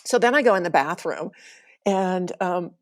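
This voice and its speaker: A woman's voice: on the low side, lively intonation, moderate pace. A middle-aged woman telling a personal travel story, emotional and laughing now and then as she recalls it. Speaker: podcast storyteller.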